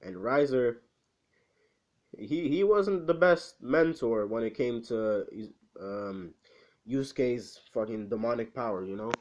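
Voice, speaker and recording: A man's voice: medium pitch, slow, a little mellow, lo-fi sound. Rambling, swearing man telling a story. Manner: rambling, profane, lots of "you know". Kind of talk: casual spoken fan story.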